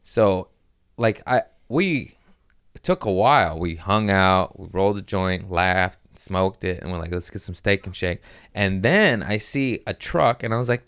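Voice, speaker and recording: A man hosts a podcast in a lowish, smooth voice at a moderate pace, with clean studio-quality sound and no room sound. He tells rambling, animated stories in casual chat, acting out what people said.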